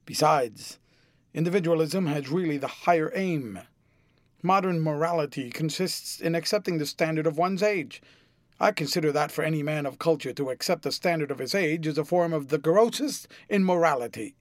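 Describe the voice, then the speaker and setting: A languid, witty gentleman of leisure who tosses off cynical epigrams in an airy, amused drawl, as a male narrator puts him on. His voice sits a little high and is heard close and dry, with no room sound, in an audiobook. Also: normal speed, no room sound, natural voice.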